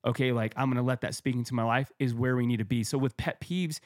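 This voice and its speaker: A man co-hosting a podcast talks in an energetic, conversational manner at a middling pitch. He keeps a casual, chatty tone. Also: fast talker. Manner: energetic, conversational, uses sports comparisons.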